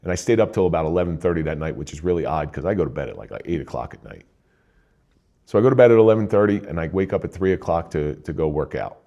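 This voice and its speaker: A man's voice: low voice, animated, fast, mellow, muffled recording. An older man from New Jersey, a retired police officer, telling a somber personal story in a plain-spoken way.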